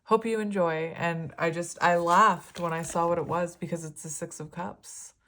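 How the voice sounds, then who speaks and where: A young woman giving a casual, rambling tarot reading with big, expressive reactions. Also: on the low side, normal speed, slight background noise. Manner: chatty, rambling, expressive, laughs often. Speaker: tarot reader.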